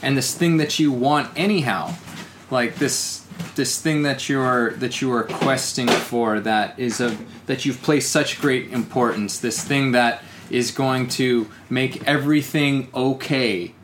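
A man's voice: medium pitch, a little slow, background noise. A man co-hosting a podcast, musing in casual chat with many restarts and "you know"s. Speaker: podcast co-host.

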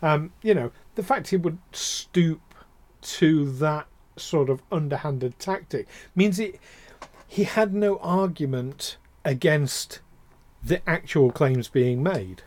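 Male podcast co-host, slightly high voice, rambling and heated delivery, dry recording. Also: animated, slow, a little mellow, no room sound. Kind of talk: casual chat.

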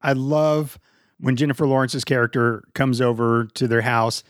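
A man's voice: medium pitch, fairly even intonation, moderate pace, no room sound, studio quality. A man in a casual movie chat, recapping the plot and teasing his co-host, with casual swearing.

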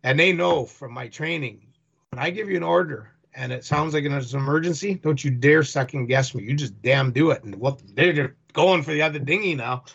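A man's voice: a little high, a little fast, vocal fry, slightly rough. A man telling a rambling first-person story about his boat tour, acting out what people said. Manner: rambling, animated retelling with acted-out quotes. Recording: dull lo-fi recording.

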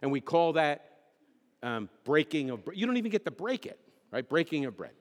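A man's voice: fairly high pitch, very animated, normal speed. A middle-aged male pastor preaching a conversational sermon, joking and putting questions to the congregation. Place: church sanctuary. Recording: long hall reverb.

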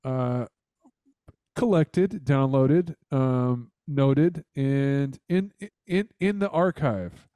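A man's voice: medium pitch, drawn-out words, warm tone, smooth, dry recording. A man hosting a podcast who rambles along casually and swears while mocking someone. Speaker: podcast host.

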